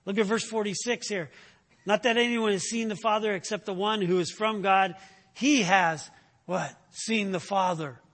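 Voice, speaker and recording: A man delivers a teaching sermon in a high, husky voice. He quizzes his listeners with "right?" and "what?", and climbs in pitch as he drives a point home. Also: moderate pace. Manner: teaching with frequent "right?" check-ins and rhetorical questions; animated, rising in pitch when making a point. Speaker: preacher.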